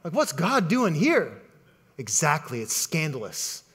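A middle-aged man preaching a sermon, talking in a casual, animated way and repeating words as he builds to his points. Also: on the high side, unhurried, husky. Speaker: pastor.

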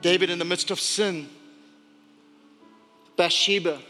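A man preaching a sermon as pastor, swinging from loud urgent preaching to hushed, whispered prayer. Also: sits high, fairly even intonation, a little slow. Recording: echoey hall with music behind.

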